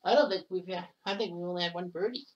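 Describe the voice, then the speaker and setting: A woman casually calling the shots in a golf video game, chatty and quick to blurt out exclamations. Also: lowish voice, muffled recording. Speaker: game commentator. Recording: distant mic with loud background noise.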